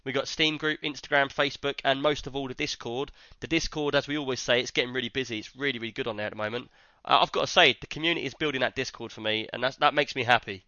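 A man's voice: mid-range voice, fairly even intonation, fast, few pauses, pushed and bright, no echo, dull audio. A man hosting a casual podcast, rambling and joking as he tells stories. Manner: rambling, jokey storytelling. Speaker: podcast host. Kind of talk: casual chat.

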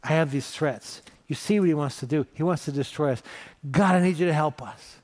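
A man's voice: medium pitch, flat delivery, measured pace, a little mellow, pitched below the performer's own voice, close to an everyday voice. A male pastor voicing a distraught king who pleads with God in tears. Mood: pleading. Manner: pleading, tearful.

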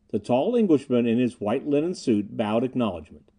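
A man narrating an audiobook in an expressive, measured storytelling manner. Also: medium pitch, husky.

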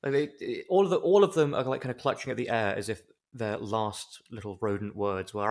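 A man co-hosting a comedy podcast, recapping a show in a wry, deadpan way. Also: lowish voice, normal speed. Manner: wry, deadpan, chatty with digressions. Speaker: podcast co-host.

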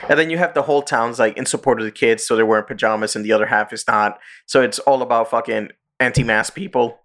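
A man co-hosting a casual podcast, retelling stories and jumping into high voices when he quotes people. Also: fast. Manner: animated storyteller, jumps into high voices for quoted characters. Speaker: podcast co-host.

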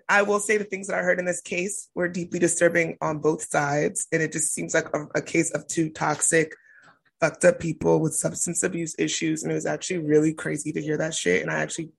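Husky, fry-laced woman chatting frankly. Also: low-pitched. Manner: frank, profane, drawn-out emphasis. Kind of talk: casual chat.

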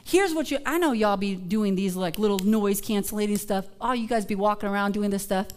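A woman pastor preaching a sermon in a casual, conversational way, building from hushed moments to emphatic shouts. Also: mid-range voice, brisk, smooth.

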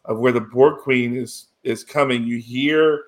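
A man's voice: medium pitch, steady tone, measured pace. Rambling man in casual chat. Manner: rambling, full of "you know" and restarts, emotional. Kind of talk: casual chat recapping a TV episode.

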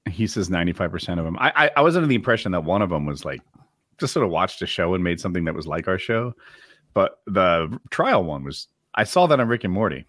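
A man co-hosting a podcast in casual chat, low-key and dry. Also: big pitch swings, quick pace, fairly bright tone, dry recording. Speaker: podcast co-host.

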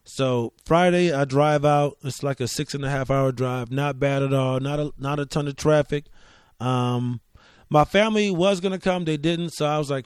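Man, comedy podcast host, rambling profane storytelling, slightly high voice, dry close sound. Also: moderate pace, clear, resonant tone, no echo. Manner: profane, joking, loose rambling delivery. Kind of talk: casual solo storytelling.

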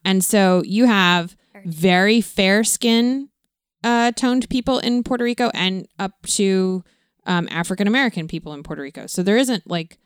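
A woman's voice: mid-range voice, moderate pace, clean tone, dry recording, clean studio sound. A middle-aged woman co-hosting a casual film discussion as a parent, explaining history and ideas in an informative, patient way. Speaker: co-host, parent.

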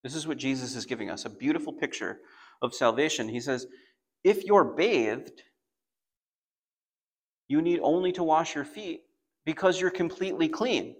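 A man teaching a Bible passage in a conversational sermon, rising into animated bursts as he retells the story. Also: a little high, moderate pace, pauses often. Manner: conversational, animated when voicing Peter.

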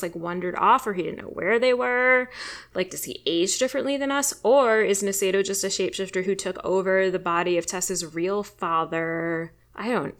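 A woman co-hosting a podcast, chatting casually and firing off many questions with animated, joking energy. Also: mid-range voice. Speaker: podcast co-host. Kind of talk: casual chat.

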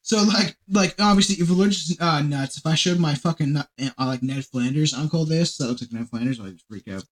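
A man hosting a podcast in casual chat, rambling and excitable and swearing a lot. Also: fairly high pitch, a little fast, hardly any pauses, rough recording. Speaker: podcast host.

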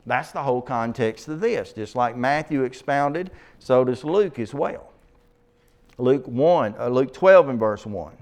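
Guy preaching a bible study, mid pitch, reads verses out loud and leans hard into the big lines, stops to explain stuff. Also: lively intonation, unhurried. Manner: reads scripture with rising emphasis, breaks off to explain verses; asks the listeners to turn to passages. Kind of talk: expository sermon with scripture reading.

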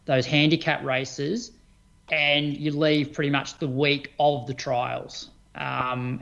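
A man's voice: mid-range voice, fairly bright tone, muffled recording. A man co-hosting a podcast, giving his opinions in casual chat with plenty of fillers. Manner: opinionated, chatty, many fillers. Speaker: podcast co-host. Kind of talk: casual chat about running.

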